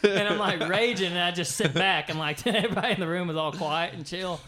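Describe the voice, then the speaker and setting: A man's voice: high voice, quick pace, crowd noise. A man co-hosting a podcast, telling a story in casual chat, swearing often and laughing as he goes. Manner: animated, swears a lot, laughs mid-story. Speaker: podcast co-host.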